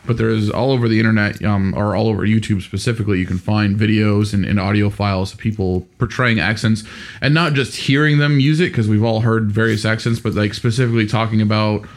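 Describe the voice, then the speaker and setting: A man's voice: lowish voice, fairly even intonation, brisk. A man who runs a tabletop game, explaining in a rambling, casual podcast chat. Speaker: game master.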